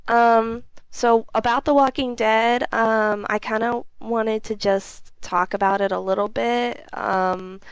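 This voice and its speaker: A young woman with a hoarse voice from a cold, talking frankly and casually in a video update with many ums. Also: mid-range voice, no room sound, dull audio. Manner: chatty, frank, lots of ums. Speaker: gaming video host.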